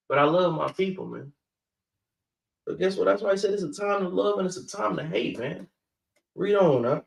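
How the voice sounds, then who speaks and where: A man with a high voice preaching scripture in loose street talk, who peppers every point with "guess what" and "man." He is recorded from across an echoey room. The sound is roomy and distant. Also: lively intonation, normal speed, gravelly. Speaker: teacher of a scripture class. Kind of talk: street-style Bible teaching.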